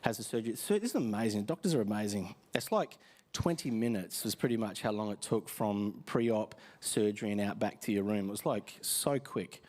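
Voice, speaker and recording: A man's voice: fairly low pitch, animated, fairly quick, darkish tone. A tired man with an Australian accent, a pastor chatting through a casual sermon from a church stage, telling stories with many fillers and restarts.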